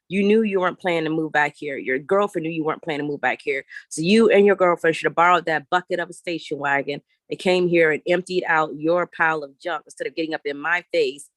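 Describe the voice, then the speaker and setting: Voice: medium pitch, fairly bright tone, dry recording. A vlogger telling a long story in an exasperated, profane rant while walking around and filming on a handheld phone. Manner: profane, exasperated and blunt, rambling. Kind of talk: ranting vlog storytelling.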